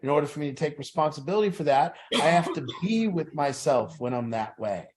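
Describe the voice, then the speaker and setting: A man's voice: a little high, animated, a little fast, darkish tone. A man leading an addiction support group, talking in an earnest, plain-spoken way that repeats phrases for emphasis.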